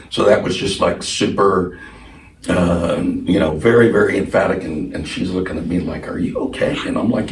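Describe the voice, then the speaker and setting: A man with a low voice tells a story to a group, rambling, laughing, filling gaps with ums and uhs. He sounds a little distant, in a roomy space. Noise hums clearly behind him. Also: moderate pace. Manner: rambling and animated, with laughs and many fillers. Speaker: speaker sharing a personal story. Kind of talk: casual talk to a group.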